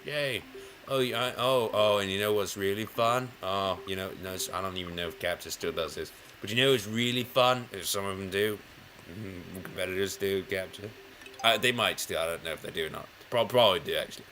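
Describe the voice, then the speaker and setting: A man's voice: low-pitched, brisk, sharp tone, soft background music. A man giving casual, rambling gameplay commentary, playful and self-mocking, counting numbers aloud as he plays. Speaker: gaming channel host.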